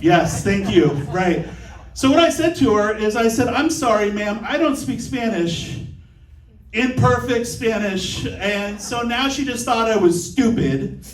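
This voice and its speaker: High-voiced man doing stand-up. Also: reverberant, recorded from a distance, poor audio. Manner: conversational joke-telling with frequent ums. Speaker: stand-up comedian. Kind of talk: stand-up comedy set. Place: comedy club stage.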